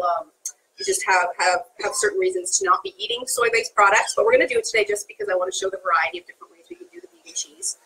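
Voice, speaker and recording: A woman's voice: mid-range voice, bright, forceful tone, low-quality recording. A woman chef talking chattily through a live cooking demonstration in a kitchen, laughing often.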